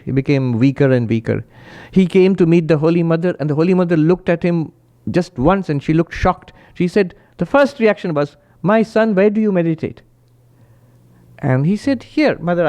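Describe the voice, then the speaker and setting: A man, a monk, giving a spiritual talk and telling stories with animated quoted voices. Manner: animated storyteller, raises pitch when quoting, laughs often.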